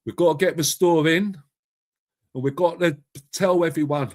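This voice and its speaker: A man's voice: fairly high pitch, normal speed, a little mellow. Blunt, matey English man streaming live. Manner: blunt and matey, swears, calls viewers mate and bruv. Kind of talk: casual live chat reading viewer comments.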